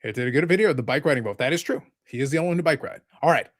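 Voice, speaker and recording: A man's voice: medium pitch, lively intonation, very fast. A man hosting a live podcast, talking casually in a rambling, sarcastic, joking way. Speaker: podcast host.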